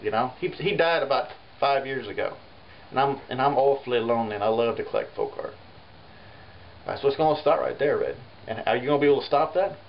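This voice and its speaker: A folk artist, rambling through a comic monologue full of "you know.". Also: male voice, mid-range voice, fairly quick, vocal fry. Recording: muffled home recording with faint hiss.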